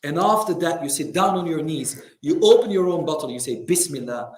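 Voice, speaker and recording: A man teaching a religious class in a community centre, lively and teasing, mimicking complainers. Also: a little high, a little fast. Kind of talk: lecture to a class. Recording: echoey hall.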